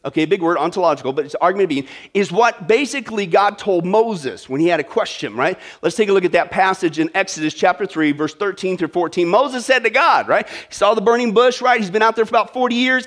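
A man's voice: sits high, fairly quick, a bit bright. A male pastor preaching a sermon in a conversational, joking way, checking in with the congregation with "right?" and "okay?".

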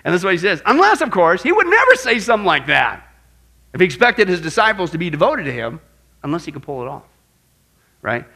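Male pastor, high voice, bright and forceful tone, emphatic classroom sermon, rhetorical questions. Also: brisk, gravelly. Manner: emphatic, animated, asks audience rhetorical questions. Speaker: pastor teaching apologetics. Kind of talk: classroom-style sermon lesson.

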